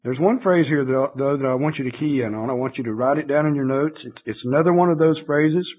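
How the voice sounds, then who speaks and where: A man's voice: mid-range voice, quick pace. A man preaching a sermon, reading scripture verses aloud and explaining them in an earnest, conversational way with occasional fillers. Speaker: pastor. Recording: tinny phone-like radio broadcast.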